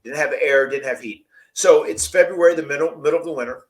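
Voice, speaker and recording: A man's voice: a little high, fast. A man hosting a podcast, telling a long story casually, rambling and laughing often. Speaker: podcast host.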